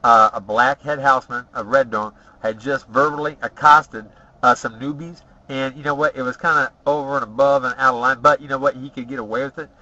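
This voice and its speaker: A man's voice: mid-range voice, fairly even intonation, brisk, bright, forceful tone. A middle-aged man rambling through boastful, profane personal stories, tagging his lines with "okay?". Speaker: storyteller. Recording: dull lo-fi recording.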